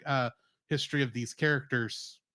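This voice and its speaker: A man's voice: medium pitch, steady tone, moderate pace, bright, forceful tone, no room sound, studio quality. A man co-hosting a podcast, chatting casually and animatedly, laughing often as he rattles off trivia. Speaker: podcast co-host. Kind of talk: casual review chat.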